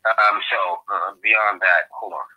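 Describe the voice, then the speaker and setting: A man giving a lecturing monologue, often pausing to ask "okay?" and restarting his sentences with fillers. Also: lowish voice, steady tone, pushed and bright, poor audio. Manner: repeats "okay?" to check listeners, with many restarts and fillers. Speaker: guest speaker.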